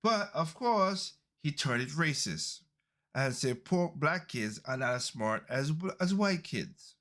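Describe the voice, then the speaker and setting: Reacting to video clips on his laid-back podcast, a male host makes his points emphatically and keeps repeating them. He speaks slowly in a somewhat high, expressive, slightly bright voice.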